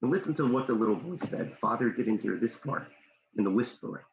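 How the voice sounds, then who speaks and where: A motivational speaker, a man, telling a story in a discussion, animated, his voice leaping up when excited. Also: medium pitch, brisk, a little hiss or hum. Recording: echoey room, dull lo-fi sound.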